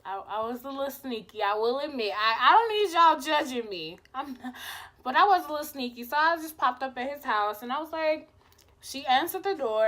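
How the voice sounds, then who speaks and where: A young woman vlogger with a high, slightly bright voice tells a personal story in casual chat, acting out the quotes and swearing freely.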